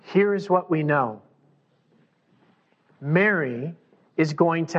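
A high-pitched man preaching a lively sermon, slipping into the voices of the people he quotes. His voice rings out with a long reverb through a church sanctuary. The sound is dull and muffled. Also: takes it slowly, pauses often. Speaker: pastor.

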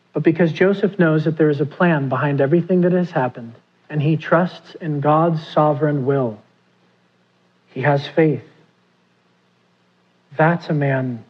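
A man's voice: fairly high pitch, breathy edge, muffled recording. A man preaching a sermon, who asks his listeners questions and acts out the pleas he quotes. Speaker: pastor.

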